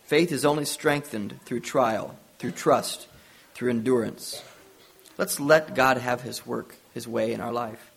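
A man's voice: mid-range voice, measured pace, gravelly, slightly rough. A man preaching a sermon, retelling a Bible story with earnest storytelling and acted-out dialogue.

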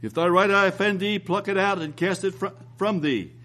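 High-voiced preacher rising for emphasis. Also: male voice, a bit bright. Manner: reads scripture aloud, rises and slows for emphasis; repeats phrases for emphasis. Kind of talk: sermon.

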